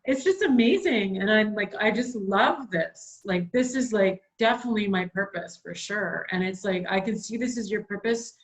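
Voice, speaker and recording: A woman's voice: medium pitch, normal speed, hardly any pauses, rough recording. Woman, forties, host on a video call, gushing and chatty. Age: 40s. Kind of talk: casual video call chat.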